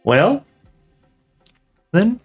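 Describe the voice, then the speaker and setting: A man's voice: sits high, very animated, very slow, breathy edge, faint music behind, pitched above the performer's own voice, exaggerated voice. A man voicing a grinning, riddling cat in a storybook reading, sly and teasing.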